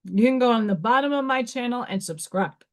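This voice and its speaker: A Staten Island, New York woman who hosts a live stream and reads oracle cards talks fairly quickly in an expressive voice on the high side. She's frank and casual, swearing often and restarting sentences a lot.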